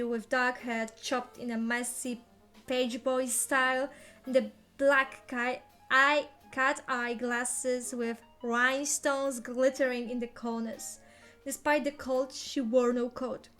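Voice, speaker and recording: A woman's voice: high voice, fairly even intonation, slow pace, fairly bright tone, soft background music. A woman reading a novel aloud in the first person, playful and theatrical. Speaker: reader.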